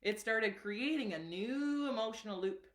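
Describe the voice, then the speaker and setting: A woman wellness coach teaching casually on a live stream, chatty and animated, with many fillers and asides. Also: a little high, moderate pace, echoey room.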